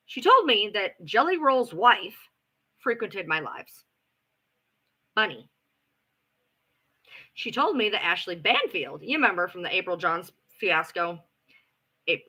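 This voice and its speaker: Animated, sarcastic middle-aged woman. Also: mid-range voice. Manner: animated, profane, sarcastic gossip with acted-out quotes. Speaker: livestream host. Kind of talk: casual storytelling on a livestream.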